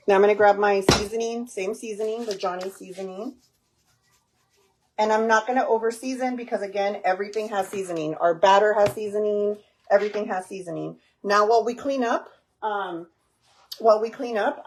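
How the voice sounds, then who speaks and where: A woman's voice: medium pitch, steady tone, moderate pace, poor audio. A woman hosting a casual live cooking stream from her home kitchen, chatting with viewers and dropping in Spanish words. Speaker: cooking livestream host.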